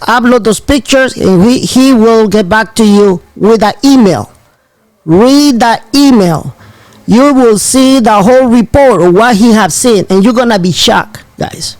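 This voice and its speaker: A man hosting an online talk, telling a story in an excitable, animated way and repeating himself. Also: sits high, no echo. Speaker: host. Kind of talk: casual storytelling.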